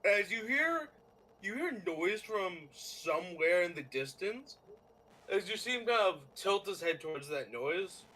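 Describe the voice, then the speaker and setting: A man narrating as game master of a tabletop game, in a halting way with many fillers and restarts. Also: high voice, sing-song, bright, forceful tone, low-quality recording.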